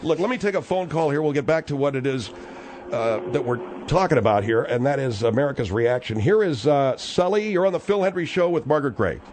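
Animated, combative talk radio host. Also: male voice, medium pitch, brisk, noisy background.

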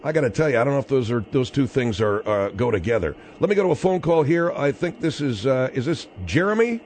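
A man hosting a radio talk show, brisk and skeptical as he steers the call and takes callers. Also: mid-range voice, lively intonation, a little mellow, a little hiss or hum.

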